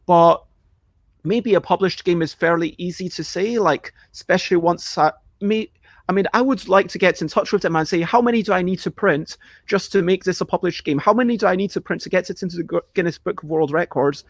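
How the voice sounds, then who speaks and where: A man's voice: high voice, brisk, no echo, studio quality. A man hosting a casual live stream, answering viewer questions in a rambling, chatty way and sometimes acting out panicked reactions. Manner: chatty, self-interrupting, acts out panicked reactions.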